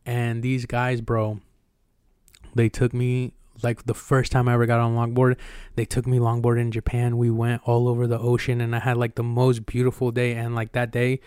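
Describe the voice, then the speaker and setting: Flat-voiced smooth young man telling stories. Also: medium pitch, moderate pace, no echo, studio quality. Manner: profane, animated storyteller. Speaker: podcast co-host. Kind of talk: casual storytelling chat.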